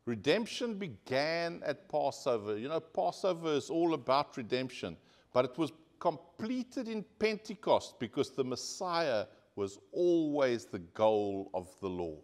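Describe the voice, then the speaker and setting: A man's voice: mid-range voice, big pitch swings, measured pace. A male pastor preaching a sermon to his congregation, earnest and direct, asking the people for an amen. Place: church.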